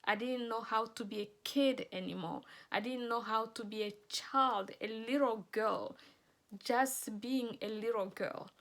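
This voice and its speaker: A woman's voice: a little high, unhurried, a bit bright. A woman author giving an earnest, emotional personal testimony and promoting her books.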